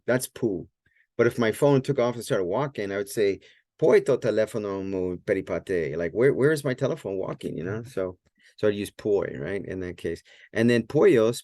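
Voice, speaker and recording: Low-voiced guy teaching at a whiteboard, lots of ums and self-corrections, dry close mic. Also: darkish tone, no echo. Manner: thinks aloud, many fillers and self-corrections. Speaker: Greek teacher. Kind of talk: casual whiteboard lesson.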